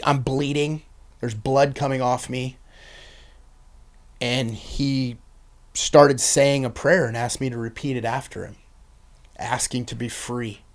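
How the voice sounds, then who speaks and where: A man appearing as a podcast guest shares his personal testimony with earnest intensity, his mid-range voice swinging between loud bursts and hushed passages.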